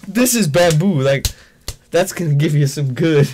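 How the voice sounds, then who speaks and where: A man's voice: a little high, expressive, normal speed, darkish tone, a little hiss or hum. A young man co-hosting a casual stream chat, joking crudely and laughing often. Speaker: co-host.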